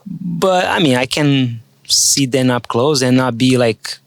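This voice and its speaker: A man's voice: medium pitch, slow, vocal fry, no echo. A man co-hosting a podcast in a playful, joking casual chat. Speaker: podcast co-host.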